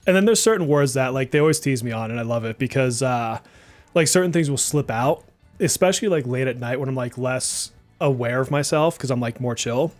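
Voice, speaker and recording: A man with a faint Boston accent, co-hosting a casual podcast, relaxed and chatty with lots of fillers. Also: mid-range voice, brisk, faint music behind. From New Jersey and Massachusetts, US. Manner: relaxed, chatty, laughs often, many likes. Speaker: podcast co-host.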